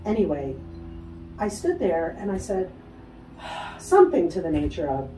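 A woman telling a personal story as a guest in an interview, animated, acting out the voices of other people and laughing often. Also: lowish voice, unhurried, long pauses, reverberant, distant mic, slight background noise, rough recording. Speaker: guest, spiritual healer.

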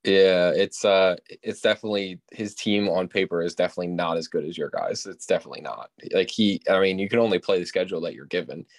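A man with a very low voice on a casual podcast, speaking in a laid-back, hesitant way. The sound is dry and close to the mic. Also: fast talker, few pauses, dry recording. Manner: laid-back, hesitant, many fillers and restarts. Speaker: podcast co-host. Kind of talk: casual chat about fantasy football.

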